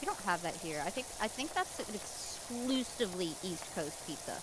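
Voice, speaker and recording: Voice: medium pitch, expressive, normal speed, noisy background. A co-host on a live stream, talking bluntly and swearing freely in casual chat.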